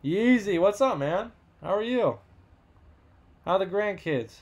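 A man hosting a live card box break, rattling off buyer names and teams in quick upbeat banter while losing his voice. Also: high-pitched, expressive.

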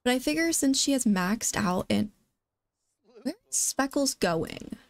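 A woman giving casual, excitable gameplay commentary as a let's play host, often exclaiming. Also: a little high, takes it slowly, vocal fry, no echo.

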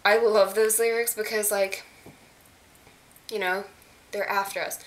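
A young woman vlogging as an excited fan, gushing and chatty with lots of fillers. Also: mid-range voice, measured pace. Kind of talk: casual chat. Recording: faint hiss.

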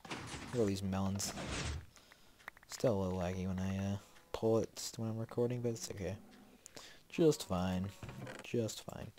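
Man, very deep voice, sniffly, rambling Let's Play commentary, lots of ums and restarts. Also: darkish tone, a little hiss or hum. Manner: rambling, filler-heavy, talking to himself. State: sniffly with a slight cold. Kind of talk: casual gameplay commentary.

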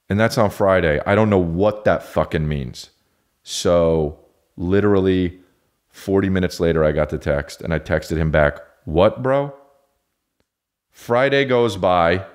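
Man, podcast host, very low voice, profane, digressive, self-mocking. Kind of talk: rambling comedic monologue.

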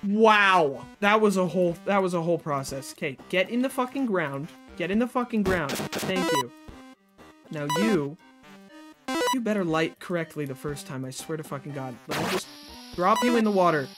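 A frustrated livestreamer talks through a game at home, cursing often and chatting to viewers. Low muttering breaks into sudden loud outbursts. Background music plays clearly behind the voice, which sits at a middle pitch. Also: animated, moderate pace. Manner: frustrated, swears a lot, talks to self and chat. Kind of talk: live gameplay commentary.

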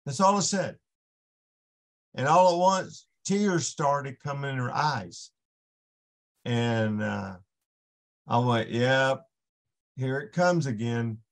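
A man, a ministering guest on a faith podcast, telling a personal story and acting out the voices in it. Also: medium pitch. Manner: unhurried storytelling, acts out the voices in his story. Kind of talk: casual storytelling testimony.

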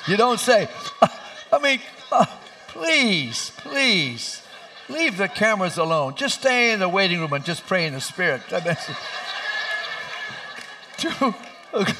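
Animated, bright-voiced preaching pastor. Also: male voice, sits high, moderate pace. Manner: animated, laughing storyteller who acts out voices. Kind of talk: sermon with storytelling. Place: church sanctuary.

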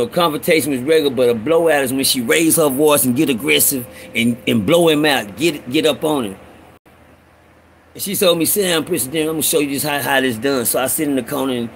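A man's voice: mid-range voice, low-quality recording. Texas guy rambling thru a story, cussing, talking to y'all, some car noise in back. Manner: rambling, streetwise, heavy cursing, addresses listeners as y'all. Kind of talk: casual storytelling monologue.

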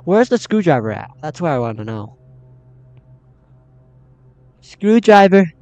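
A high-voiced young man narrates his own horror game run in an unhurried drawl. He is jumpy and easily startled, and talks to himself and his viewers as he plays. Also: sing-song, a little mellow, no room sound, faint music behind. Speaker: gaming channel host. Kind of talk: horror game let's play commentary.

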